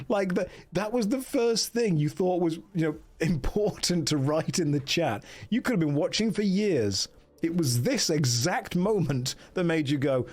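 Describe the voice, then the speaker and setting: A man's voice: high-pitched, animated, normal speed, a little mellow. An English man streaming a gamebook, bantering with chat in a jokey way and laughing often. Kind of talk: casual stream commentary.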